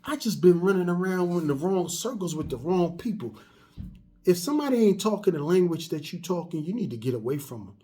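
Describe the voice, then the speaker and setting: Husky man in his fifties, storytelling. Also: high-pitched, big pitch swings, a little fast, mellow, faint music behind. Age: 50s. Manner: conversational storytelling, repetitive restarts. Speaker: vlogger. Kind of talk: casual motivational monologue.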